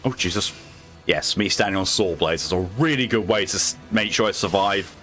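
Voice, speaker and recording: Guy on a game stream, low voice, jokey and swears a lot, faint music behind. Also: fairly quick, a bit bright. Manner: jokey, swears, laughs often. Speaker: gamer on a stream. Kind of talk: casual chat while gaming.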